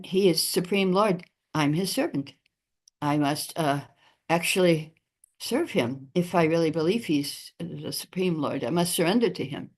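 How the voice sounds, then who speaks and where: Low-voiced woman teaching a scripture class. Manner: unhurried, pausing often between phrases. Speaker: class speaker. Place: temple.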